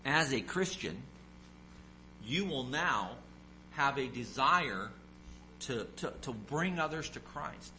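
A man's voice: mid-range voice, expressive, slow, long pauses, sharp tone, faint music behind, poor audio. A man preaching a sermon, asking the congregation questions and acting out the voices of people in his stories. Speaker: pastor.

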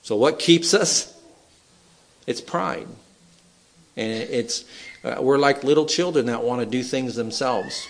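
A man preaching a sermon in an animated, humorous way, acting out Bible figures as he tells the stories. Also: on the high side, moderate pace. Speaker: pastor.

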